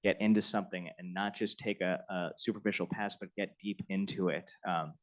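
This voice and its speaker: Middle-aged man, fairly low voice, storytelling at a panel, laughs often, gets emotional. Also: steady tone, a little fast, poor audio. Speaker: panelist at a memorial lecture. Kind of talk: emotional personal anecdote.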